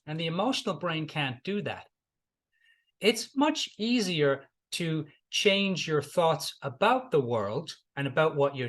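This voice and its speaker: A man's voice: a little high, a bit bright. A middle-aged man, a life coach, giving a motivational talk and retelling client stories, repeating key lines for emphasis.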